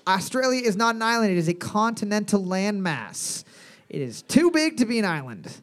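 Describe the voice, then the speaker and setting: A man's voice: sits high, sing-song, a bit bright. A young man hosting a trivia night, reading questions out twice and cracking crude jokes between rounds. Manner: crude joking, repeats questions slowly. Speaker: trivia quiz host. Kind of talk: live pub quiz hosting on mic.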